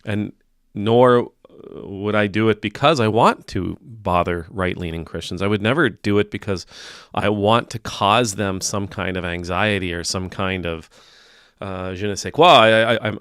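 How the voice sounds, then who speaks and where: A man's voice: lowish voice, a bit bright, clean tone, dry recording, studio quality. A man, a priest, giving casual spoken commentary in a wry, teasing, conversational way.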